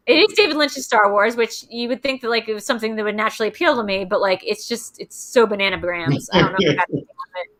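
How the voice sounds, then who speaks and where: A woman's voice: medium pitch, quick pace, few pauses, fairly bright tone, rough recording. A young woman hosting a casual chat, rambling with lots of fillers. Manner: chatty, rambling with many fillers. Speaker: host.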